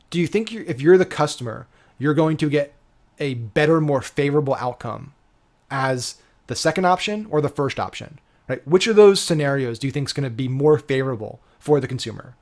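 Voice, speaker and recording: A digital marketing coach with a mid-range voice talks fairly quickly through an informal, emphatic marketing lesson. He often checks in with "right?" and swears in a casual way.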